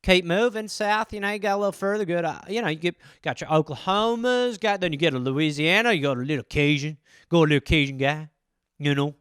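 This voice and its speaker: A man's voice: fairly high pitch, a little fast, a bit bright, clean tone, dry recording, clean studio sound. A comedian hosting his podcast solo, rambling loosely with plenty of swearing. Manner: loose, profane, rambling with fillers. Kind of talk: casual solo riffing.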